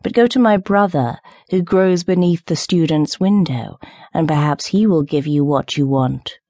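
Brief: woman voicing a grave rose tree, slow and measured, low mellow voice, dry studio read. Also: no echo. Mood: calm. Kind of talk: audiobook character reading.

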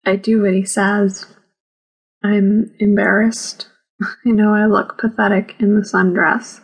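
Woman, audiobook narrator, first-person memoir, measured delivery, husky tone. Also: medium pitch, level tone, rough recording. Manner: slow, measured reading.

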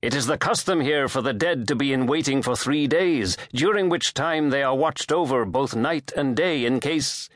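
A man's voice: medium pitch, normal speed, hardly any pauses, a bit bright, no room sound, studio quality, close to an everyday voice. A male narrator voicing a watchful, polite hotel clerk in an audiobook, speaking deferentially and addressing the guest as sir. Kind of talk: audiobook character voice.

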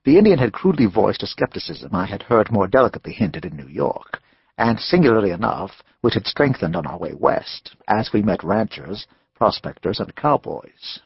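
A man narrating a western novel as an audiobook, in a measured storytelling manner. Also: lowish voice, very animated, vocal fry, husky, no room sound, dull audio.

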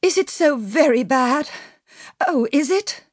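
A woman's voice: sits high, expressive, slow, no echo, studio quality, voice pushed up. A woman voicing a frightened young mother in an audiobook, pleading and panicked. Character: frightened young mother, high-strung lady.

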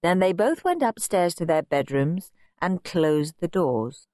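Slow, expressive woman narrator. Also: fairly low pitch, no room sound, clean studio sound. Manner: expressive, playful. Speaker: audiobook narrator. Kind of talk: children's storybook narration. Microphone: close studio mic.

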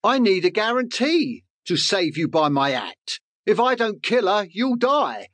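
A man voicing a timid, fearful male secretary bird in a storybook, speaking high and strained. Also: big pitch swings, a little slow, fairly bright tone, no room sound, exaggerated voice. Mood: anxious.

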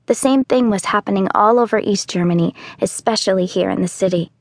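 A woman narrating a children's audiobook in the first person, telling the story calmly and clearly. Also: medium pitch, fairly quick, no echo, clean studio sound. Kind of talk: scripted narration.

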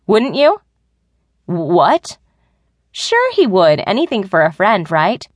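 A woman's voice: mid-range voice, huge pitch swings, takes it slowly, no echo, exaggerated voice. A woman narrator voicing Becky, a brash and teasing woman office friend, in an audiobook. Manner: teasing, brassy.

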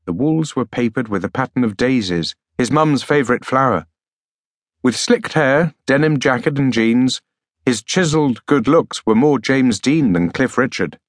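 A man narrating an audiobook thriller in a measured, dark storytelling manner. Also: mid-range voice, lively intonation, no room sound, studio quality. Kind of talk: scripted narration.

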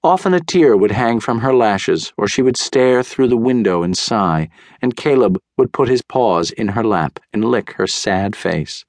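Low-voiced man reading a storybook. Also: no room sound, studio quality. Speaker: audiobook narrator. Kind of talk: unabridged children's audiobook narration.

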